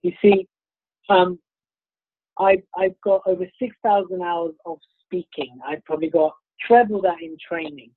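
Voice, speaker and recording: A man's voice: sits high, fairly even intonation, measured pace, dry recording. British man on a tinny line. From United Kingdom. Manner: upbeat, self-promoting, rambling restarts. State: slightly congested with sniffles. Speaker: keynote speaker. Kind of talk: motivational presentation. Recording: tinny phone-like dry line.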